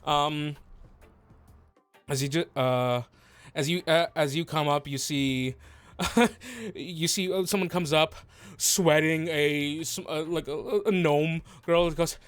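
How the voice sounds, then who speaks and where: A man runs a tabletop game, his narration slow to land and full of fillers and restarts. His voice sits a little high for a man. Soft music plays underneath. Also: steady tone, smooth, no room sound. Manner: rambling, hesitant narration with many fillers. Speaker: game master.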